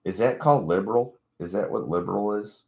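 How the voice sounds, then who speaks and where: Casting: very low-voiced man, casual profane ranter, mocks others in retold quotes. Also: brisk, creaky, a little mellow. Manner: profane, mocking, rambling storytelling. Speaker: channel host. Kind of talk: casual rant to camera.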